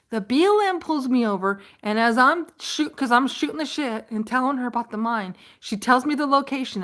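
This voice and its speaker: A woman talks to her live-stream viewers in a loose, rambling storytelling style. She laughs often, restarts her sentences and speaks with a fairly high voice. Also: a bit bright. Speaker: vlogger on a live chat stream.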